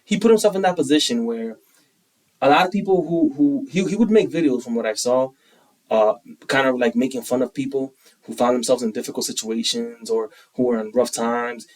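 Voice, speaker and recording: A young man co-hosting a podcast in casual, opinionated chat, animated and quick to act out quotes. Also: medium pitch, distant mic, low-quality recording. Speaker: podcast co-host.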